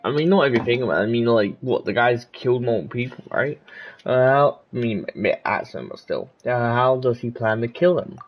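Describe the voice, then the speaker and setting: A man's voice: medium pitch, expressive, brisk, lo-fi sound, a little hiss or hum. A man streaming a game and commenting on it in a casual, rambling way, full of fillers and restarts. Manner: rambling, filler-heavy chatter. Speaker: gaming streamer.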